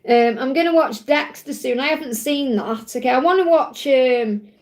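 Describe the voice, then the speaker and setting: An English woman hosting a live stream, chatting casually and quickly, rambling with lots of fillers as she reads the chat. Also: high voice. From England. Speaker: livestream host.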